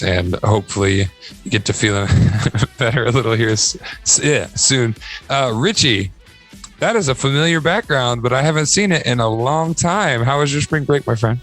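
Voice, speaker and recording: A man's voice: medium pitch, normal speed, fairly bright tone, soft background music. An upbeat man from Ohio hosting a casual podcast chat, laughing often. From Northern Ohio. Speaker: podcast host.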